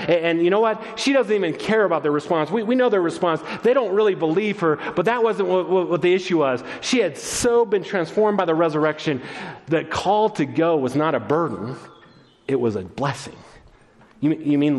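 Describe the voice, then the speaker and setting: A man preaching a sermon as pastor, moving between excited, raised passages and soft, hushed ones. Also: fairly high pitch, moderate pace. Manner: expressive, swings between loud excitement and soft hushed tones. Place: church sanctuary. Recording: long church reverb.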